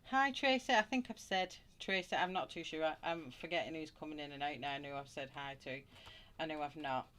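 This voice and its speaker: A woman from Wigan with a low, everyday voice and a broad northern English accent. She chats casually and rambles while colouring on a live stream, greeting viewers by name between thoughts. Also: a little fast, a bit bright. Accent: Wigan, Lancashire. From England. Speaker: colouring channel host.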